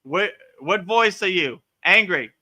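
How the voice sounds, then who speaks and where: Man, spiritual teacher on a live Q&A; very bright, ringing tone, casual and animated delivery. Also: fairly high pitch, measured pace. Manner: casual, animated, frequent "you know" and "right?"; acts out voices playfully.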